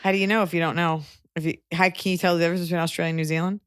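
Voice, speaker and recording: A woman hosting a comedy podcast, chatting casually with sarcastic, quick jokes and frequent mock voices. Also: on the low side, level tone, smooth, no echo, studio quality. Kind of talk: casual chat.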